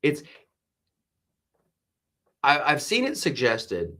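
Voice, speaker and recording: A man hosting a casual live stream, talking in a rambling and exasperated way. He stops and restarts his sentences a lot and keeps breaking off to read viewer comments. His voice sits in an ordinary middle pitch. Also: wildly swooping pitch, extremely slow, bright, forceful tone. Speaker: host. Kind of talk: live-stream political commentary reading chat.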